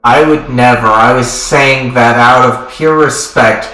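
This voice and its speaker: A man's voice: medium pitch, steady tone, measured pace, sharp tone. A man streaming a game, reading the dialogue and narration aloud in a plain voice and chuckling often. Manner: reads lines in a plain voice with frequent chuckles. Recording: roomy sound with game music behind.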